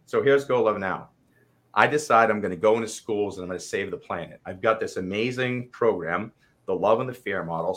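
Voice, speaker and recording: A man's voice: fairly low pitch, fairly bright tone. A middle-aged man, a coach and co-host, candidly telling his story in a live conversation and acting out his own inner voice, with casual swearing.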